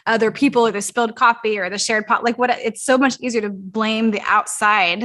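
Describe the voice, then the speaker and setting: A woman's voice: a little high, fairly even intonation, brisk, pushed and bright. A woman, a podcast guest, adding earnest, thoughtful remarks to a casual conversation.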